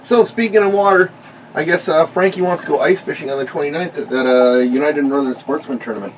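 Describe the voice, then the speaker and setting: A man's voice: a little high, fairly quick, far from the mic, a little hiss or hum, poor audio. A man in casual chat who teases and cracks jokes at his co-host. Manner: wisecracking, teasing interjections. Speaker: podcast co-host.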